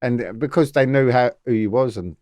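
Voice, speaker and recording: A man's voice: mid-range voice, normal speed, darkish tone, no room sound, studio quality. London man explaining with tag questions. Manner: explains things plainly, with tag questions like "okay?" and "yeah?". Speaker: guest. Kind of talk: casual interview talk.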